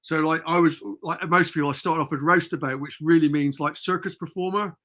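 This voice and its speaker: A man's voice: fairly high pitch, fairly even intonation, a little fast, a bit bright. A middle-aged man from England, a podcast guest telling rambling stories in casual chat over a remote call. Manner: rambling storyteller, chatty and informal.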